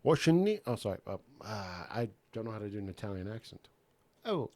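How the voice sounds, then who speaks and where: A man's voice: lowish voice, fairly even intonation, darkish tone, no echo. Joking man with a dry, close sound. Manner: joking, profane, quick agreement. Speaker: podcast co-host. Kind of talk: casual film-review chat.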